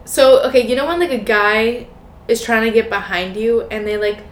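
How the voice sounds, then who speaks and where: A woman's voice: a little high, moderate pace. A young adult woman co-hosting a podcast, chatting casually with playful teasing and lots of "like". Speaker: podcast co-host. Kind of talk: casual chat. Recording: echoey room with faint noise.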